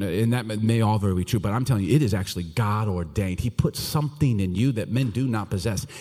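A middle-aged male pastor delivering a sermon with a lively, swooping pitch and a faintly husky tone. He moves from loud, animated bursts down to quiet, hushed lines. His voice rings out with the long reverb of a large church hall.

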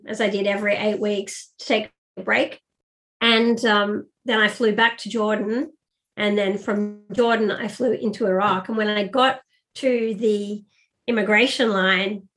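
A middle-aged woman, an interview guest, telling a lively personal story with fillers. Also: medium pitch. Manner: animated anecdotal storytelling with fillers. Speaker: guest, business strategist.

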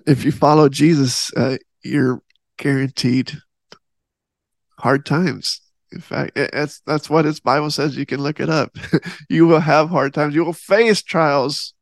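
A man's voice: on the high side, fairly even intonation, slow pace, no room sound. A man hosting a faith podcast, talking earnestly in a rambling, casual way with many restarts. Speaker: podcast host.

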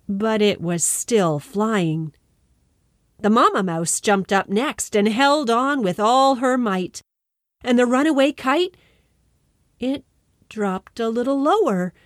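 A woman telling a children's story, expressive and lingering on repeated phrases as she narrates. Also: a little high, no room sound, clean studio sound. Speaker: storyteller and podcast host.

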